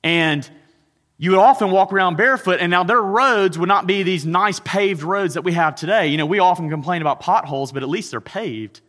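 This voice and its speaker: A man preaching a sermon as a pastor, swinging between loud emphasis and hushed intensity. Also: high voice, a little fast, big-room sound.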